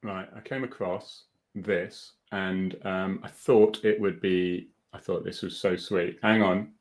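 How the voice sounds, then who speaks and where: A man's voice: deep voice, fairly even intonation, takes it slowly. A man hosting a casual live video chat, chatty and self-deprecating and laughing often. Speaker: host.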